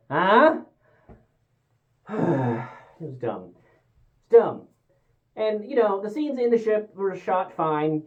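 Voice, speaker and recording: A woman giving a casual spoken movie review, exasperated and sarcastic, acting out characters' lines in quick asides. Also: medium pitch. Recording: tinny phone-like sound.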